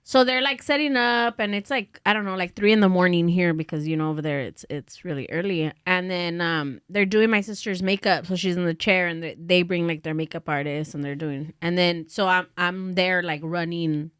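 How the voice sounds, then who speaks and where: A woman's voice: on the low side, normal speed, few pauses, fairly bright tone, clean tone, no echo, clean studio sound. A woman telling a rambling story in casual podcast talk, with lots of fillers and laughter.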